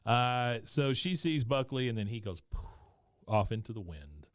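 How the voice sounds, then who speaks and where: A man's voice: medium pitch, sing-song, a little slow, no room sound, studio quality. A man co-hosting a podcast, recapping a cartoon episode in casual chat and acting out the characters' lines as he goes. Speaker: podcast co-host.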